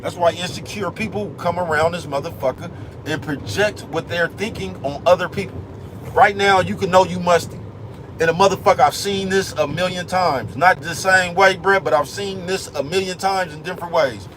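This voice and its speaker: A man with a somewhat high voice rants loosely into his phone, heavy on street slang and filler catchphrases. It sounds like he is outside by a car, and the recording carries clear traffic noise behind him. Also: normal speed. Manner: streetwise slang, repeats "you know what I'm talking about". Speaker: vlogger. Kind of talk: casual rant to camera.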